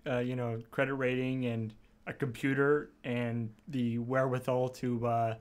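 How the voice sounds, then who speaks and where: A man's voice: medium pitch, flat delivery, a little slow. A man co-hosting a stream aftershow, explaining a story in casual chat with frequent "uh" fillers. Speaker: stream co-host.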